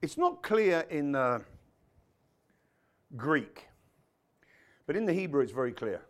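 A man delivers a sermon in a voice pitched a little high, swooping widely up and down as he preaches. He quotes scripture, tosses in muttered asides and jokes with the congregation. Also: very animated, takes it slowly, fairly bright tone. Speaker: pastor.

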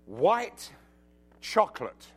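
High-voiced man preaching with swings in volume. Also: sing-song, extremely slow, husky, soft background music. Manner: emphatic, swings from hushed to loud bursts; humorous asides, quotes scripture. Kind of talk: sermon.

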